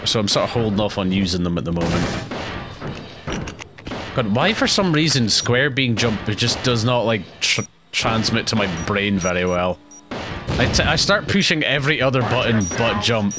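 A young man giving rambling, casual commentary while playing a video game, often jumpy and quick to laugh. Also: lowish voice, noisy background. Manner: rambling, jumpy, breaks into panicked yelps and laughs. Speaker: let's play gamer.

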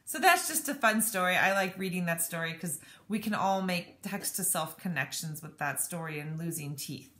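A woman teacher reading a children's storybook aloud, animated and expressive. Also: fairly low pitch, moderate pace, few pauses. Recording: echoey room.

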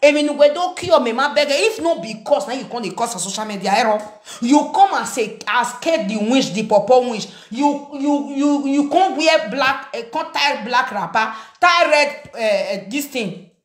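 A social media commentator with a Nigerian Pidgin English accent rants and mocks someone in a confrontational commentary video. Her voice is high-pitched and animated at normal speed, in an echoey room.

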